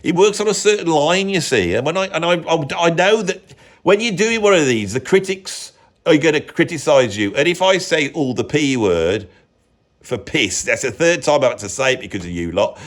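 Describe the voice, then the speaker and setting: A man's voice: on the high side, animated, moderate pace. A British man in his fifties, a music vlogger giving a rambling, mocking casual rant peppered with mild swearing. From Britain.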